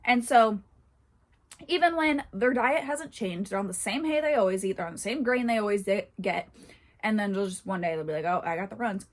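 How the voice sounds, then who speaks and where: A woman's voice: medium pitch, moderate pace. A woman hosting a horse channel, reading online posts aloud and commenting in a chatty way, often breaking into laughter.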